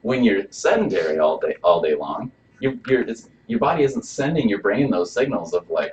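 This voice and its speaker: A man's voice: lowish voice, big pitch swings, normal speed, few pauses, a little hiss or hum. A man presenting a health workshop as a chiropractor, talking casually and asking the audience questions. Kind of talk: live workshop talk to an audience. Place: room with a small live audience. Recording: dull lo-fi recording.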